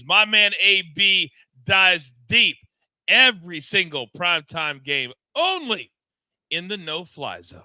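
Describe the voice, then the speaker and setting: A man's voice: high voice, bright, forceful tone, smooth, no echo, low-quality recording. A man hosting a live sports betting stream, teasing his co-hosts and hyping up segments. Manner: playful, teasing banter and hype promos. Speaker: sports betting show host.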